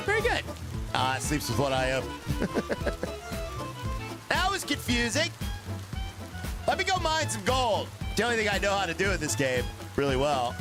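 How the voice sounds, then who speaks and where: Male game streamer, jokey, chats with viewers, lively delivery. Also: fairly high pitch, fairly quick, music in the background. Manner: joking, chats with viewers, groans at long dialogue. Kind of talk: casual live gaming commentary.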